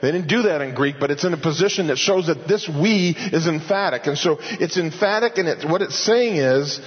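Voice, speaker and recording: Guy preaching in a church, kinda high voice, long echo, muffled audio. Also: animated, slightly rough. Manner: earnest preaching, slows for emphasis, swells in pitch on key points. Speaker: pastor. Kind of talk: expository sermon. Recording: dull audio with long hall reverb.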